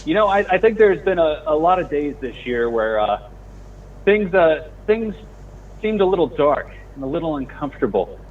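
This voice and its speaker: Smarmy fake-sincere morning host, played by a man, bouncy high delivery, husky, muffled stream sound. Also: sing-song, normal speed. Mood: mock-sincere. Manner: fake-sincere, laughing, hammy. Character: smarmy middle-aged male morning show host, innuendo-loving. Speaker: improv comedy show host. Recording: dull lo-fi stream audio.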